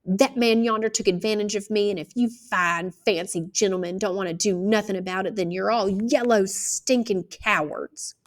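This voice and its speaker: A woman reading aloud, voicing a rough-spoken young woman witness who gives defiant, stumbling answers. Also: medium pitch, moderate pace, few pauses, natural voice. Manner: defiant, stumbling answers, plain country grammar.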